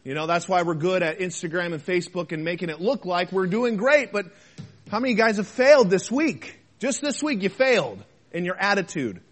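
A man preaching a conversational sermon as a pastor, asking the congregation rhetorical questions and swinging between loud emphasis and quiet asides. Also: high voice, lively intonation, a little fast.

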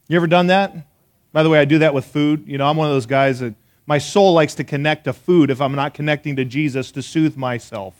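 Lively man preaching, slightly high voice. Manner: animated storyteller, laughs at his own jokes; talks straight to the congregation with questions. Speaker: pastor. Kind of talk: sermon. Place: church service before a live congregation.

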